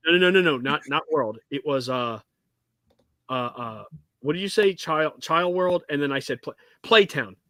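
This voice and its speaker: A man co-hosting a casual podcast chat, an animated storyteller who swears freely and breaks into loud outbursts. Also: a little high, moderate pace, dry recording. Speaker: co-host.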